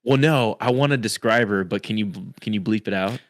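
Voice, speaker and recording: A man in his thirties with a low voice who co-hosts a casual podcast. He teases his friend and laughs easily, and he keeps the talk relaxed. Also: fairly quick. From Texas. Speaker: podcast co-host. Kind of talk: casual chat.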